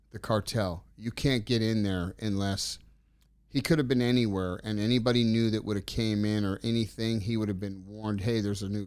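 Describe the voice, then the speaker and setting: A middle-aged man telling stories in a casual interview, rambling and animated as he acts out the dialogue. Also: fairly low pitch, smooth, no room sound, clean studio sound. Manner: rambling, animated storyteller acting out quoted dialogue. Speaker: interview guest.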